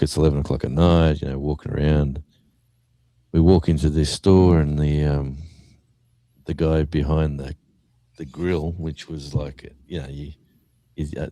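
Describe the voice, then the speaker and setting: A man's voice: extremely low pitch, normal speed, no room sound. An Australian man, a guest musician, telling a story in casual chat and acting out what people said. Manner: animated storyteller acting out quotes.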